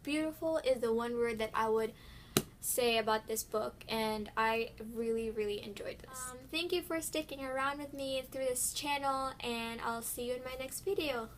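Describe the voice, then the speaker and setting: A woman's voice: a little high, normal speed, background noise. A teenage girl chatting casually and gushing about books on her vlog, with lots of fillers and restarts. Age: teens. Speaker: book vlogger. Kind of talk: casual chat.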